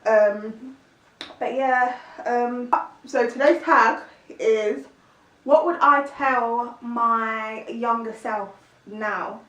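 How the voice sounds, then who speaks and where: A woman's voice: fairly high pitch, drawn-out words, a bit bright, far from the mic. Brief: young woman in her twenties, chatty and rambling vlogger, recorded a little off-mic in an echoey room. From East London, England. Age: 20s. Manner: chatty, rambling, many fillers and restarts. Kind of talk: casual chat to camera.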